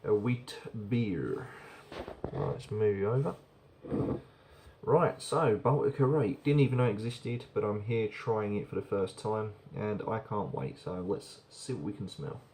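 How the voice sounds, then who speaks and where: Guy rambling thru a beer review, kinda low mellow voice, bit of faint hiss behind. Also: normal speed. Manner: chatty, rambling, repeats words. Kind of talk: casual video review.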